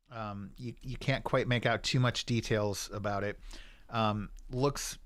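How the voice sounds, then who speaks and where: A man narrating and running a tabletop role-playing game as game master, often pausing with ums. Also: medium pitch, smooth, no room sound. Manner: hesitant, many ums.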